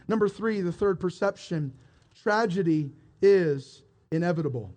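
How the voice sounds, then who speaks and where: Male pastor, very high voice, preaches with questions thrown to the pews. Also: expressive, a little slow, a little mellow, a little hiss or hum. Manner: preaching with rhetorical questions to the congregation. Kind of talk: sermon.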